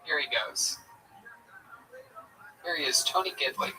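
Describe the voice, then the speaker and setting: A man's voice: on the high side, expressive, unhurried, vocal fry, far from the mic, over music, poor audio. A man hosting a live comedy show, bringing up a comic and ribbing him with jokey hype.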